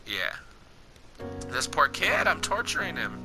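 A young man giving casual, excitable gameplay commentary, talking at the game characters in slangy speech. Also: on the high side, measured pace, over music, low-quality recording. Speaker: gaming channel host.

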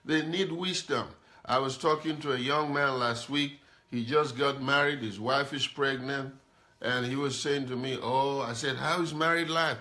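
Emphatic preaching man, bright voice. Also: medium pitch, fairly even intonation, normal speed. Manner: emphatic, repetitive preaching with call-outs. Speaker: pastor. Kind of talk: sermon. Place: live-streamed to online viewers. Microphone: camera mic.

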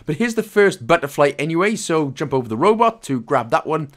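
Lively Welsh man narrating a game. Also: a little high, fairly quick. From Wales. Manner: chatty, jokey, loose with asides and fillers. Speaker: game guide presenter. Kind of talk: casual gameplay walkthrough commentary.

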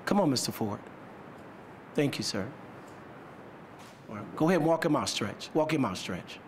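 A man's voice: medium pitch, lively intonation, normal speed, slight background noise. An angry man heckling a council from the floor, picked up from a distance in an echoey room. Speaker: member of the public speaking out at a council meeting. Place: council chamber.

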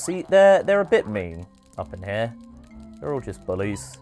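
Excitable man commentating gameplay. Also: on the low side, soft background music. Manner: excitable, chatty, quick exclamations and cheers. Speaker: streamer hosting a speedrun.

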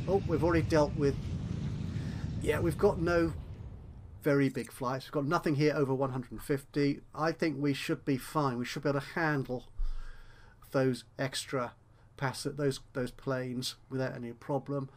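A man's voice: medium pitch, steady tone, moderate pace, a little hiss or hum. A man casually commenting on a management game he is playing, rambling and correcting himself with wry asides. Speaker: let's play host.

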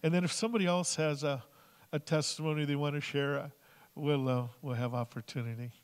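A man's voice: on the high side, fairly even intonation, fairly quick, clear, resonant tone. A man sharing stories in a church service in an earnest way, retelling phone calls and what people said to him. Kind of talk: storytelling sermon. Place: church sanctuary. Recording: long hall reverb.

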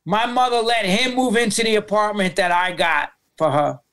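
A man's voice: high-pitched, normal speed, a bit bright, smooth. Intense, blunt New York man. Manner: blunt, heavy swearing, emotional retelling. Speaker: podcast guest. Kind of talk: casual interview storytelling.

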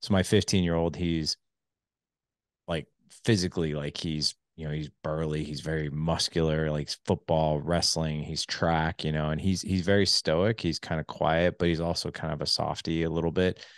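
A middle-aged man hosting a casual podcast interview, telling stories with many fillers and jumping high when he quotes people. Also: moderate pace, no room sound, studio quality. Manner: animated storyteller, many fillers, voice jumps high when quoting. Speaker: podcast host.

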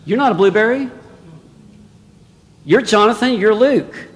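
A male preacher delivering a sermon, dropping to hushed asides and then rising to loud exclamations. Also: high-pitched, measured pace. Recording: long hall reverb.

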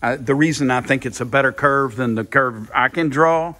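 A man's voice: mid-range voice, normal speed, pushed and bright, soft background music. An older man thinking aloud in a casual workshop vlog, rambling and repeating himself as he works. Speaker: car builder, channel host.

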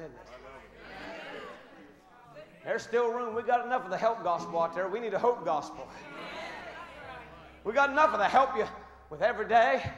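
High-voiced preaching man in echoey church. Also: muffled recording. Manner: impassioned preaching, swinging from shouts to hushed storytelling. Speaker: pastor. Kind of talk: sermon. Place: church sanctuary. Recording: echoey church hall with faint music.

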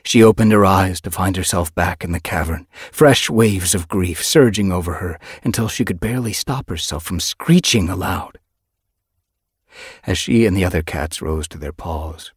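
A man narrating an audiobook in an expressive storytelling manner, recorded in a studio. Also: low-pitched, husky, no room sound. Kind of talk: scripted narration.

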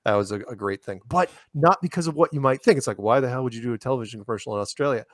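Male guest, chatty storyteller with quick laughs, mid pitch, dry sound. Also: dry recording. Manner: animated, laughs often, restarts sentences. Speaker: interview guest. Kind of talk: casual storytelling conversation.

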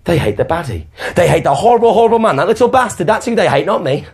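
A man's voice: high voice, expressive, brisk, pitched above the performer's own voice. A man voicing a vain, fragile old queen. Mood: relieved, spiteful. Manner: grandiose, then frantic self-berating. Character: vain, fragile elderly queen, desperate to be loved. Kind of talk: live comic performance poetry.

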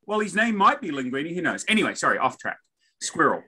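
A man's voice: on the high side, big pitch swings, fast, sharp tone, slightly rough. A man with an Australian accent hosting an interview show, joking and rambling off on tangents before asking his question. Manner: jokey, rambling, self-interrupting. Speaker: podcast host. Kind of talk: casual interview intro.

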